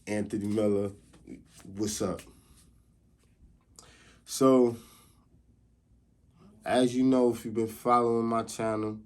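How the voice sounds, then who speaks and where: A man's voice: on the low side, little pitch movement, takes it slowly, long pauses, darkish tone. A man of about forty hosting his own show, telling a loose, rambling personal story and often asking whether the listener knows what he means. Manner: rambling, loose, constantly says "you know what I mean". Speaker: host. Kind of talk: casual storytelling monologue.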